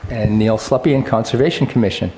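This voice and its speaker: A man chairing a town committee meeting, relaxed and halting, with many pauses and fillers. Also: medium pitch. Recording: echoey meeting room with faint noise.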